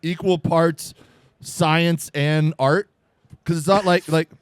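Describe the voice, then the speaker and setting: A man from Florida spins loose, rambling comic stories, packed with "like" and "uh" and breaking into laughs. His voice sits a touch higher than most men's. The sound is close and dry, with almost no room around it. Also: fairly even intonation, slow, clear, resonant tone, no room sound. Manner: rambling, laughing storyteller with many fillers. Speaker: guest comedian. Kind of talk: casual storytelling chat. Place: live podcast taping at a venue.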